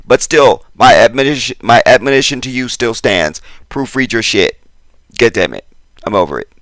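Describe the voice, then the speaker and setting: A man giving a casual commentary to his viewers, exasperated and chatty, jumping between loud emphasis and muttered asides. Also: mid-range voice, very animated, moderate pace, no echo. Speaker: YouTube commentator.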